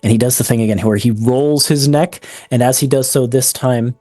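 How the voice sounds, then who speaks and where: A man's voice: medium pitch, normal speed, dark tone, no room sound, faint music behind. A man narrating as game master of a tabletop game, describing scenes with many ums and likes.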